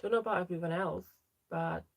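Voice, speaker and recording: A young trans woman talks casually on her livestream, reading out viewers' names and replying to each one. Her voice sits on the low side. She sounds close to a home streaming mic. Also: fairly even intonation, fairly quick, creaky. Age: young adult. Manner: chatty, reads out viewer names and answers them. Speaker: livestream host.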